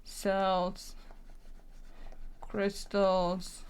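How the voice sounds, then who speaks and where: A young woman streaming herself drawing, talking casually and quietly to herself as she works, often trailing off mid-thought. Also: medium pitch, completely flat delivery, very slow, smooth. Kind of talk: casual thinking-aloud commentary while drawing.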